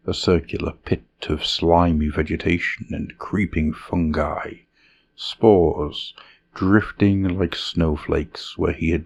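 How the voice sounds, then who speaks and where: Deep gravelly male fantasy narrator. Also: a little mellow. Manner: measured, dramatic reading. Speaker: storyteller.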